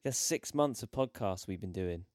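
A man's voice: fairly low pitch, lively intonation, normal speed, darkish tone, no room sound, clean studio sound. A man co-hosting a podcast, teasing his friends in playful casual banter. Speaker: podcast co-host.

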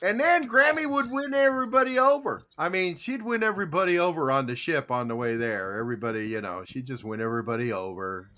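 Male morning-show host, fairly high voice, animated and chatty, reads comments aloud. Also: fast, few pauses. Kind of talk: casual live-stream chat.

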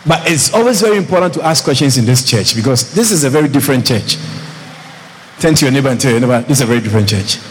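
A man's voice: medium pitch, fast talker, a little hiss or hum. A man preaching a sermon as pastor, calling out to the congregation and repeating phrases for emphasis. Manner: lively preaching with calls to the congregation. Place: church hall. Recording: long hall reverb, faint ambience.

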